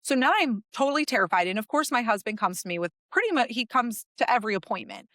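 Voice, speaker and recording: Animated woman telling a personal story. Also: on the high side, quick pace, no echo, clean studio sound. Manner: animated storyteller, acting out the dialogue. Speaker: podcast guest. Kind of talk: personal story told in conversation.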